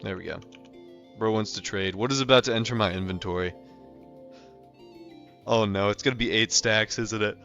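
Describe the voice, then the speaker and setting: A young man from North America rambles through casual chat while gaming live, with frequent fillers like "um" and "like." He speaks at a moderate pace with long pauses, in a low-side voice that's a bit bright. The audio is slightly muffled, with faint music in the background.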